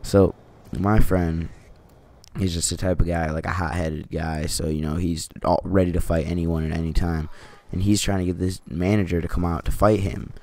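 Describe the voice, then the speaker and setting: A man's voice: low-pitched, little pitch movement, moderate pace, mellow. A teenage boy at home telling a story in a casual, rambling way, saying "like" a lot and swearing. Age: teens. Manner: rambling, heavy use of "like", swears. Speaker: vlogger.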